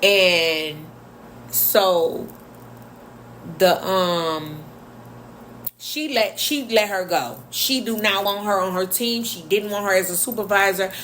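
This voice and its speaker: A woman's voice: medium pitch, slow pace, fairly bright tone, slight background noise. A woman telling a workplace story in a casual, blunt and chatty way, with sarcastic asides. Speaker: vlogger.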